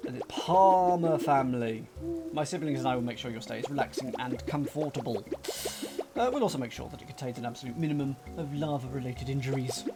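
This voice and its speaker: A man's voice: medium pitch, animated, brisk, loud music behind the voice, lightly acted. A man voicing an eager young lava-lodge host in a game, using an odd put-on accent and polite hotelier patter. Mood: chirpy welcoming. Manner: overly polite hotelier patter, read with stumbles. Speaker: game character read aloud.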